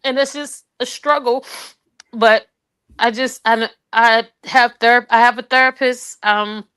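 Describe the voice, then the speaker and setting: A woman with a brightly ringing, smooth voice pitched a little high talks through tears. Her speech is halting and raw, full of pauses and restarts. She sounds like someone telling her own story on a call. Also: fairly even intonation. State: tearful. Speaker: guest sharing her grief. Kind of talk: personal testimony on a call.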